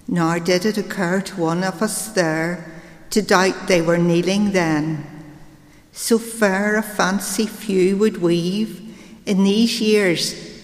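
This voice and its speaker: A woman with a Belfast accent reads poetry in a measured, unhurried voice. Her pace is slow and deliberate, and her voice trails off into a long reverb. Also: on the low side. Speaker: poetry reader. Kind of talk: poetry reading with spoken introduction.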